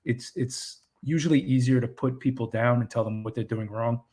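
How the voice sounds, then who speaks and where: A man's voice: mid-range voice, steady tone, moderate pace, darkish tone. Earnest man talking about fatherhood. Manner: earnest and encouraging, with frequent restarts. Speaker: podcast co-host. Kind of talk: casual chat.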